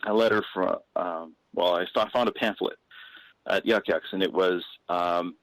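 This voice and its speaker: A man's voice: low voice, steady tone, moderate pace, no echo, low-quality recording. A man, a comedian guest on a podcast, telling a casual anecdote with frequent restarts and fillers.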